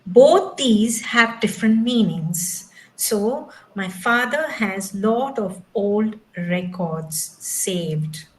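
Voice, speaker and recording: A woman leads an online training session over a video call. She speaks slowly and patiently, explaining each step. English is not her first language, and her pitch sits in the middle range. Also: animated, low-quality recording. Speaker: trainer teaching English pronunciation.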